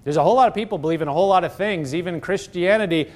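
A man's voice: high voice, lively intonation, a little fast, few pauses. A man preaching a sermon as pastor, emphatic, throwing rhetorical questions at the congregation.

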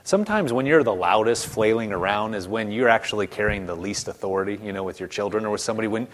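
A man's voice: on the low side, lively intonation, fast. A man preaching a sermon in a conversational way, stumbling over repeated words and acting out quoted voices. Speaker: pastor.

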